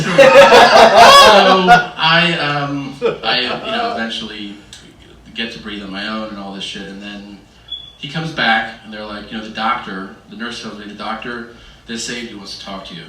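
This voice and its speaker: A man's voice: on the low side, moderate pace, background noise. A man doing stand-up comedy, telling a story and acting out the other people in it. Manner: animated, acts out other people's lines. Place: stage before a live audience. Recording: distant, echoey stage recording.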